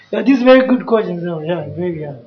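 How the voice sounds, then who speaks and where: A Dharma teacher talks to a class in simple, halting English and keeps asking "yeah?" to check that listeners follow. The voice is mid-pitched. It sounds dull and muffled in a roomy, echoing space. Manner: simple broken English, frequent checks with "you know" and "yeah?". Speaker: Buddhist teacher. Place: class room. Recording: echoey, dull room recording.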